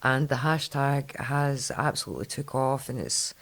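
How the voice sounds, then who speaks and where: A woman's voice: very deep voice, a bit bright. A woman with a Scottish accent hosting a podcast in a chatty, rambling way. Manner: chatty, quick, rambling storyteller. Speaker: podcast host. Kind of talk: casual chat.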